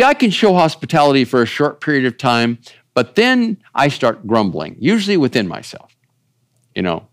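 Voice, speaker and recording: A pastor giving a relaxed, chatty sermon, his voice rising and falling freely as he wanders from point to point. He keeps checking in with his listeners. The sound is close and dry. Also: mid-range voice, no room sound. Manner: folksy, rambling, asks the audience. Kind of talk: conversational sermon.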